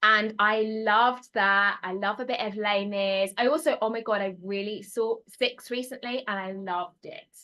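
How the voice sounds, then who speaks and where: Bubbly woman, bright voice. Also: mid-range voice, a little slow, few pauses. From England. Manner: bubbly, excitable, laughs often. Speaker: podcast guest. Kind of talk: casual podcast chat.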